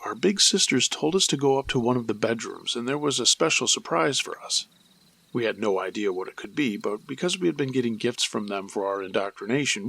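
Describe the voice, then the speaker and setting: Gravelly, husky male storyteller. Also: medium pitch, a bit bright. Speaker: storyteller and host. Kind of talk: first-person scary story narration.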